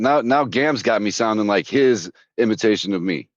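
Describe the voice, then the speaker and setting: A man's voice: on the low side, normal speed, dry recording. A man chatting casually on a stream, laughing often and bantering with friends. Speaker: stream guest. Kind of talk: casual chat. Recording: dull lo-fi dry mic.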